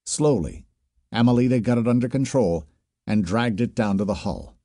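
A man narrating a science fiction audiobook with a measured, even reading. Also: mid-range voice, dry recording, clean studio sound.

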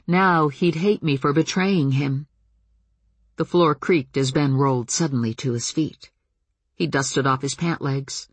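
Husky woman reading an audiobook. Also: low-pitched, no echo. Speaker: audiobook narrator. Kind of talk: first-person scripted narration.

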